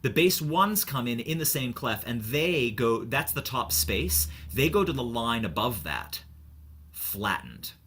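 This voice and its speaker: A man giving an online music lecture, thoughtful and animated, with many fillers and restarts. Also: medium pitch, a little slow, a little hiss or hum. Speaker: choir director.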